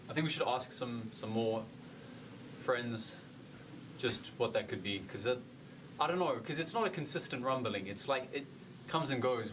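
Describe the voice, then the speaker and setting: A man's voice: mid-range voice, natural voice. An earnest young caver, played by an actor, talks to his camera outdoors at night in a mid-range voice. He rambles and restarts, padding lines with fillers, with a faint hiss of ambience behind him. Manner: hesitant, filler-heavy, earnest. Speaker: caver filming a video diary. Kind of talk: casual vlog talk to camera.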